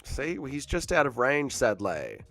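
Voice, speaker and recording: A man's voice: medium pitch, wildly swooping pitch, moderate pace, vocal fry, a bit bright, soft background music. Crude man doing watch-along commentary. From Australia. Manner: crude, joking, reads chat aloud. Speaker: livestream host.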